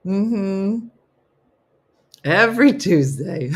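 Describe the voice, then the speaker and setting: A woman's voice: mid-range voice, very animated, slow, pauses often. A middle-aged woman hosting a casual live morning chat, laughing often and talking playfully to her viewers. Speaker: host of a live morning show.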